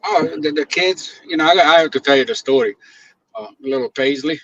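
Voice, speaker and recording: A guest videographer tells stories in a casual chat, his voice on the high side and fairly quick. He laughs often and acts out the people he quotes. The sound is dull, lo-fi and dry.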